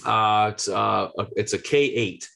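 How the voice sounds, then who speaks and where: A man in his forties, a guest health coach, telling a story with excitable, slangy energy. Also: on the low side, measured pace, creaky. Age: 40s. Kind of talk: animated storytelling.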